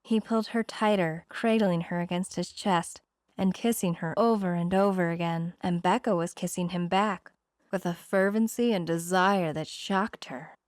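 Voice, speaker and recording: A woman narrating a romance audiobook, slowing down for the romantic moments. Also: fairly low pitch, fairly even intonation, no room sound, clean studio sound.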